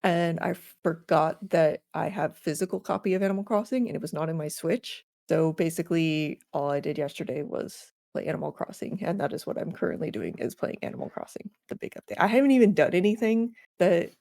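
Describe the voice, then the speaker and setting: A woman co-hosting a casual podcast chat, telling animated stories with squeaky acted-out voices, casual swearing and frequent laughs. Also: brisk, creaky, few pauses, no echo, studio quality. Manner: animated storytelling, acts out villagers in high squeals. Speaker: podcast co-host.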